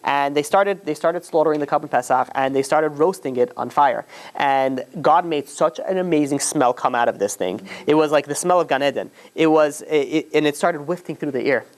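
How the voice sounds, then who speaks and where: A man's voice: on the high side, normal speed. A man teaching as a rabbi, telling a story informally to a class, with many restarts and asides, and acting out the quotes. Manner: chatty, with frequent restarts and "you know"s, acts out quotes.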